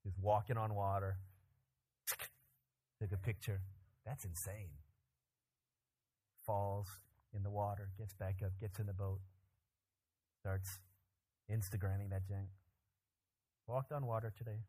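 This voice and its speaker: A pastor preaching a sermon, animated and joking, with loud emphatic climbs in his voice. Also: fairly low pitch, measured pace, pauses often, slight background noise.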